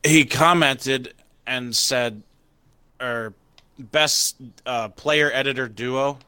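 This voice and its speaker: A young man hosting a podcast, laid-back and profane, talking in a halting, casual way. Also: mid-range voice, pushed and bright, clear, resonant tone, dry recording. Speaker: podcast host and streamer.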